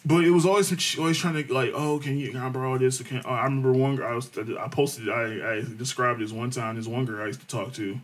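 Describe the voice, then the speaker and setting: A man telling a profane, animated story in casual chat, acting out the people he quotes. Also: medium pitch, fast talker, hardly any pauses.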